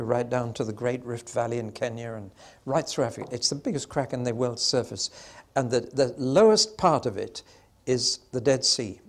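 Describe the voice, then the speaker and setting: An older man with a medium-pitched voice gives a Bible teaching in sermon style, telling the story with emphasis. He slows down and leans on the key moments to give them weight.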